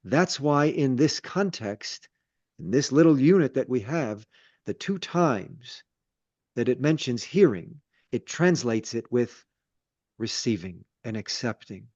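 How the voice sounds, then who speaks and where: A man's voice: medium pitch, animated, slow pace, darkish tone, no room sound. A man, a rabbi leading a Torah study, teaching conversationally with repeated words and self-deprecating asides. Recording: dull lo-fi sound.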